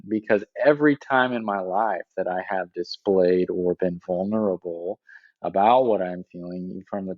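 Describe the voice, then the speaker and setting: A man's voice: low voice, no room sound, highs cut off. A man in a podcast conversation, explaining reflectively and often checking in with "right?" as he talks.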